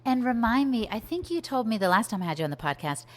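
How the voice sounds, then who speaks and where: A woman hosting a podcast, prompting her guest with relaxed conversational questions. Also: a little high, fast, long reverb tail. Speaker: podcast host. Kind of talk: interview questions.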